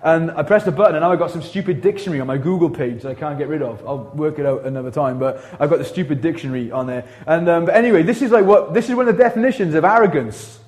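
Animated Welsh male pastor preaching. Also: on the high side. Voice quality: casual, animated, slangy preaching with quick asides. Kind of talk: sermon. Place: church.

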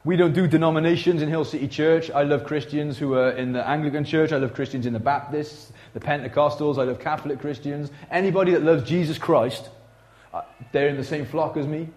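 A man preaching a sermon in a church, conversational and animated, swinging from loud to hushed. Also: fairly high pitch, fairly quick. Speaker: pastor.

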